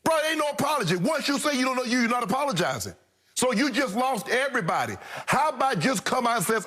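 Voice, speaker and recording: Brief: middle-aged man, high-pitched, heated sports-talk pundit, preachy and emphatic. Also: very animated, quick pace, a bit bright. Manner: emphatic, preachy, addresses co-host directly. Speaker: sports debate show co-host. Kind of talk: heated opinion commentary.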